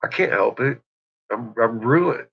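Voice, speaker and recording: A man's voice: mid-range voice, expressive, a little slow, vocal fry, slightly rough. A man in casual chat who keeps breaking into laughter, with a crude, profane manner. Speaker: podcast host. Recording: dull lo-fi recording.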